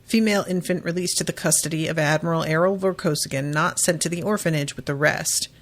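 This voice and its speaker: A woman's voice: low voice, quick pace, close to an everyday voice. A woman reading as a troubled young woman. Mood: upset. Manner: plain read-aloud delivery. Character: young woman upset over her parentage.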